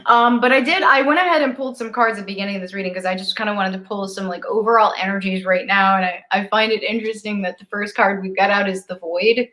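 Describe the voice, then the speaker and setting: A woman co-hosting a spiritual live stream in a casual, animated chat, acting out her own stories and laughing easily at herself, heard over a video call. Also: medium pitch, fast talker, few pauses. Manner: animated storyteller, acts out her own frustration.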